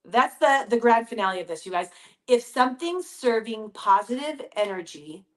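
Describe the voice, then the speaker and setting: An upbeat woman in her thirties with a fairly high voice talks casually to her listeners, calling them "you guys." She speaks from her home basement in a chatty, encouraging way. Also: expressive, moderate pace. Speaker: podcast host. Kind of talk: casual motivational talk.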